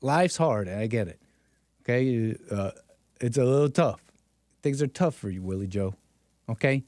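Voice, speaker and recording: On his political commentary livestream, a man with an expressive, medium-pitched, slightly mellow voice addresses his chat sarcastically at a moderate pace, chuckling often. The sound is clean studio audio with no room sound.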